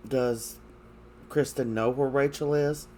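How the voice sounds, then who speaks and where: A man giving a casual recap of soap opera episodes, hesitant, with many fillers and frequent throat clearing. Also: medium pitch, fairly even intonation, slow pace, darkish tone, slight background noise.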